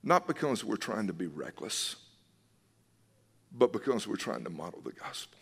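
A low-voiced man preaches a sermon, earnest and emphatic, and he leans on repeated phrases to drive each point home. His voice rings out with a long reverb, as if it fills a church hall. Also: very animated, moderate pace, creaky, breathy edge. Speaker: pastor.

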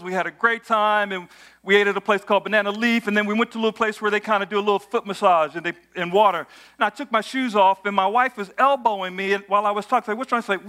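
High, bright-voiced preacher telling stories. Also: male voice. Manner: storytelling with audience call-and-response, rising to shouts of praise. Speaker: pastor. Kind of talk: sermon. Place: church auditorium with congregation.

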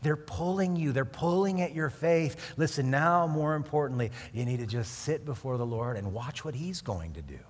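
A man's voice: fairly high pitch, animated, moderate pace, hardly any pauses. A man preaching a sermon in an earnest, conversational way that rises to emphatic peaks. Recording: long hall reverb.

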